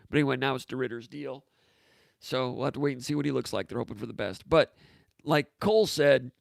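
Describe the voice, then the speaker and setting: A man hosting a live sports talk show, chatting casually and offhand while answering viewer comments, his voice going hoarse. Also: medium pitch, no echo. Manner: rambling, offhand, with frequent fillers and asides.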